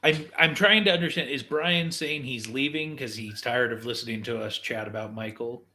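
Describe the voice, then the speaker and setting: A man co-hosting a live talk show, speaking casually in a dry, teasing, measured way. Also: mid-range voice, pushed and bright. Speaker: podcast co-host. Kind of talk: casual chat.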